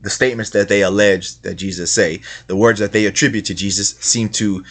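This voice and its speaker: Speaking fairly quickly in a lowish, somewhat bright voice with a steady tone, a man hosts casual religious commentary via screen share. He reads passages aloud and reinforces his points through repetition and rhetorical questions.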